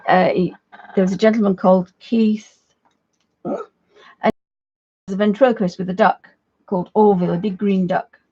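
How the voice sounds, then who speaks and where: Mellow, husky woman teaching watercolours. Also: mid-range voice, steady tone, moderate pace, long pauses, lo-fi sound. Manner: chatty, friendly asides to viewers, trailing restarts. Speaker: art tutor, livestream host. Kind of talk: casual live craft demonstration.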